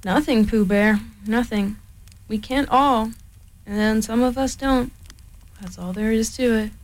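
A woman's voice: fairly high pitch, measured pace, natural voice. A woman voicing Eeyore, a gloomy old donkey. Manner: mournful, self-pitying. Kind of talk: storybook reading.

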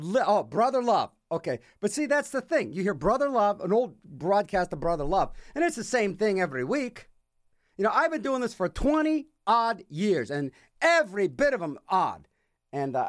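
A man's voice: high voice, no room sound. A man hosting a radio show in a studio, rambling in a wry, sarcastic way. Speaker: radio DJ host.

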